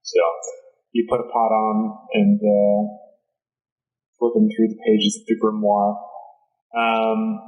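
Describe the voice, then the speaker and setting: A man running a tabletop game as game master, narrating in a halting way with many pauses. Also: fairly low pitch, monotone, muffled recording, faint music behind. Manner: halting, lots of ums and uhs.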